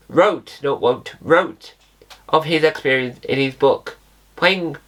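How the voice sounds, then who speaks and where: Speaking in a mid-range, slightly bright voice, a British man runs his own channel with relaxed solo commentary. He rambles, corrects himself, and spells words aloud.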